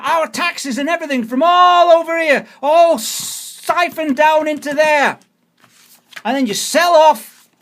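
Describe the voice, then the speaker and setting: A man tearing into a government leaflet in a heated solo rant. His voice sits unusually high for a man. He keeps hammering his points with repeated, mocking questions, as if heckling someone who isn't there. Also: a bit bright. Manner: sarcastic, repetitive, heckling an unseen opponent. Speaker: political video blogger. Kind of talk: angry political rant.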